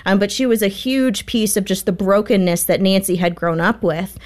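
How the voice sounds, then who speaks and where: A woman's voice: medium pitch, steady tone, moderate pace, darkish tone. Heartfelt woman guest telling a story. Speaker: author and guest. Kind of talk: storytelling in an interview.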